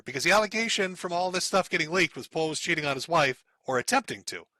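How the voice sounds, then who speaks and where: A man's voice: fairly high pitch, pushed and bright, dry recording, low-quality recording. A man streaming, giving sarcastic, profane commentary while reading out posts and chuckling often.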